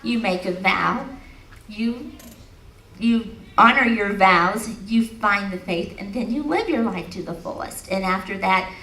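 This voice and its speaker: On stage at an expo, a middle-aged woman with a bright, mid-range voice tells a story at an unhurried pace. She laughs as she goes and leads the live audience in affirmations during her motivational talk. The big, echoey hall is heard from a ways off.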